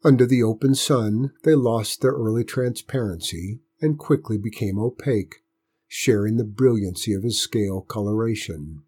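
A man reading a story aloud as narrator, in a steady, measured way. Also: fairly low pitch, slightly rough.

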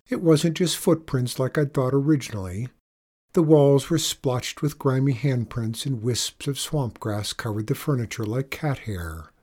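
A man with a husky voice narrating a story in a measured, low-key first-person telling. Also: darkish tone.

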